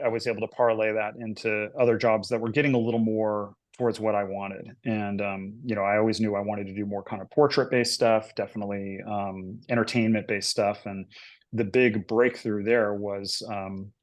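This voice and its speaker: Rambling low-voiced illustrator. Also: male voice, steady tone, normal speed. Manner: rambling, filler-heavy storytelling. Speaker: illustrator, podcast guest. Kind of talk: casual interview chat.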